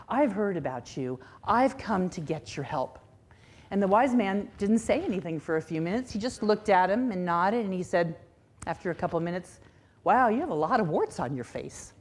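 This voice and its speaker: Husky, expressive woman minister. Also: medium pitch. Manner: expressive storyteller, then reflective teaching. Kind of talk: sermon with storytelling.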